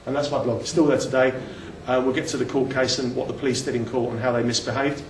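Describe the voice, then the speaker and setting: A man's voice: mid-range voice, little pitch movement, fast talker, a little hiss or hum. A man giving a casual slide talk, chatty and self-deprecating, often restarting his sentences. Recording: echoey room, mic at a distance.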